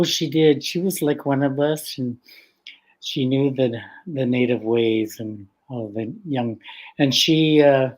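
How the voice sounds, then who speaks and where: Older man, storyteller, unhurried, gentle, laughs often, middle pitch. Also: low-quality recording. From west coast of Vancouver Island, Canada. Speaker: guest storyteller and historian. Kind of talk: casual spoken storytelling.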